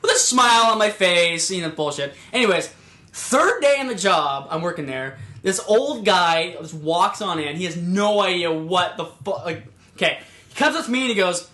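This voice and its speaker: A bright, high-pitched young man trades stories with friends on a casual podcast. He swears a lot, speaks with a lot of swing in his voice, and acts out the people he quotes. The room around him sounds echoey. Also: animated, normal speed. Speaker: podcast co-host. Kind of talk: casual chat, storytelling.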